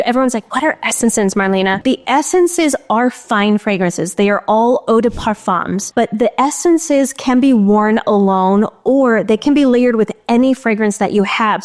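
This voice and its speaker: A woman's voice: a little high, a little mellow. A woman who founded a beauty brand, presenting her fragrances to viewers in an enthusiastic, chatty way. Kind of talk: casual product presentation to viewers.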